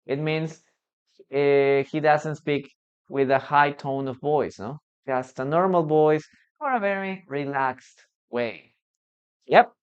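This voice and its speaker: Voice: mid-range voice, slow pace, clean tone. An English teacher from Peru with a Spanish accent, a native Spanish speaker, giving a live lesson and patiently repeating examples, often checking with "okay?" and "no?". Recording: slightly muffled streaming audio.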